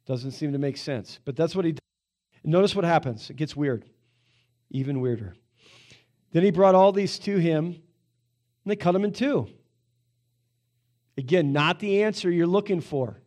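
A middle-aged man preaches with a slightly high voice, talking casually and with plenty of energy. He stumbles through restarts and fillers. His delivery stays loose and conversational. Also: expressive, moderate pace, pauses often, darkish tone. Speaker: pastor. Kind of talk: sermon.

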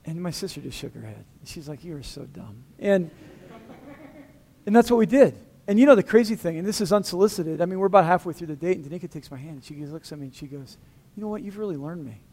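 A man preaching a sermon in a fairly high voice, lively and conversational, with humor mixed in. He acts out dialogue by shifting his voice, and his delivery swings from big and loud to hushed. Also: fast. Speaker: pastor.

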